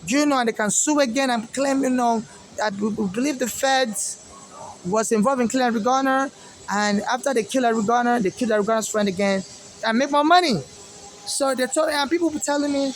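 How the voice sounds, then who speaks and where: Man, Nigerian accent, fairly high voice, agitated, rambling, halting fillers. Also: slight background noise. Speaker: activist vlogger. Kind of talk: monologue to camera.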